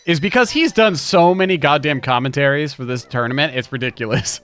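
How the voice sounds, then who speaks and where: A man co-hosting a live speedrun race stream, talking casually and excitably, often trailing off and restarting sentences. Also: mid-range voice, a little fast, soft background music. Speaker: race co-host.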